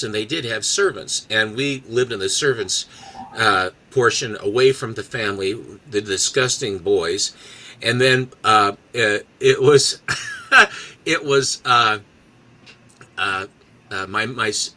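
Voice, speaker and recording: A man in casual chat, telling a long family anecdote in a halting, rambling way. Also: fairly low pitch, pushed and bright, rough recording. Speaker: co-host.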